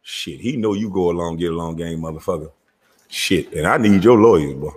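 Deep-voiced and a little fast, a husky host with a Southern twang rants loud and animated on his own show, swearing freely and cracking up with laughter. A long reverb rings behind his casual, profane talk.

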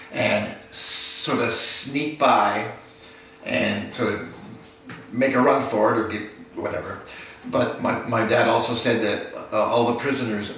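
A man in his sixties telling his late father's wartime story in an unhurried, halting way, often restarting his sentences. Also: fairly low pitch, fairly bright tone. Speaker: son of a war veteran, interviewee. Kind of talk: personal recollection, storytelling. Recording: very roomy, distant mic, faint hiss.

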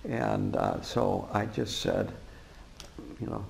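Gravelly male Buddhist teacher in roomy hall. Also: fairly low pitch, takes it slowly, long pauses, a little hiss or hum. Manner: relaxed storytelling with frequent fillers and chuckles. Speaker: Buddhist teacher and former prison chaplain. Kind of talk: dharma talk to a live audience. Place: meditation center hall.

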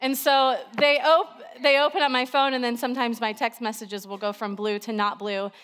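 A woman in her thirties, a pastor, preaching a sermon in a chatty, animated storytelling way with lots of fillers. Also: a little high, normal speed, clear, resonant tone.

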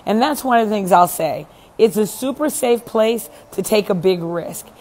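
A woman's voice: medium pitch, animated, moderate pace, a little mellow. A woman hosting a casual live chat with viewers, talking in a blunt, emphatic way and swearing freely. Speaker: event host and speaker.

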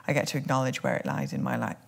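A woman's voice: extremely low pitch, steady tone, very fast, gravelly. A woman with hiccups, co-hosting a podcast, talking in a thoughtful, searching way and often restarting her sentences. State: has hiccups. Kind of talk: casual reflective conversation.

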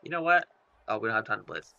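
Young man, gameplay commentary, bright sharp tone on a dull lo-fi headset mic; excitable, curses at the screen. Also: fairly low pitch, fast talker, vocal fry, dry recording. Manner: excitable, swearing, talks to the screen. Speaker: gaming commentator.

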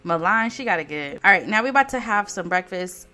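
A woman's voice: medium pitch, lively intonation, a little fast, pushed and bright. Sassy, swearing woman commentating a game. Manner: sassy, profane, chatty, talks to viewers. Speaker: gameplay commentator. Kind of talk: casual let's play commentary.

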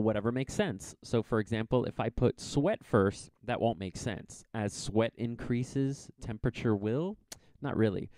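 A man's voice: medium pitch, dark tone, no echo. A man teaching a science exam review lesson, explaining graphs in a chatty, informal way with little asides.

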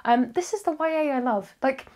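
A woman reviewing books in a casual, chatty vlog, rambling with quick asides and self-corrections. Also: sits high, a little mellow. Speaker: book reviewer.

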